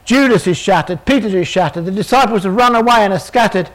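A man's voice: high voice, fast, low-quality recording. A man preaching a sermon, retelling a story dramatically and asking the listeners many rhetorical questions.

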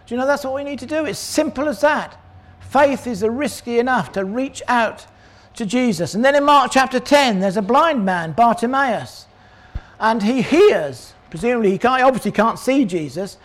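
An older man preaching a sermon, animated, acting out the voices of people in the story. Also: very high voice, normal speed. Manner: animated, acts out voices of crowd and characters.

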